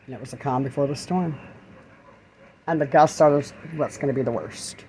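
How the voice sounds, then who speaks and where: A woman's voice: a bass voice, moderate pace, mellow, rough recording. Woman vlogging through a windstorm. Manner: talks soothingly to her pets, exclaims at gusts. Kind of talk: casual vlog narration during a storm. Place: in an RV during a windstorm. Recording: wind and rain noise behind.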